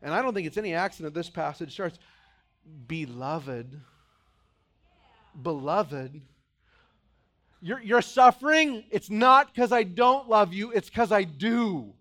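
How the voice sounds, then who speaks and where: A middle-aged male pastor preaching a sermon, acting out voices and swinging between loud outbursts and quiet, low passages. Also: lively intonation, moderate pace, hardly any pauses.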